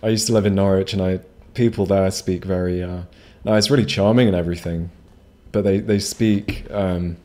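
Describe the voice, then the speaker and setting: A man on a live game stream with a fairly low voice. He rambles casually and swears freely, chatting with his viewers between moves. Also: fairly even intonation, normal speed, hardly any pauses, warm tone. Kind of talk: casual live gameplay commentary.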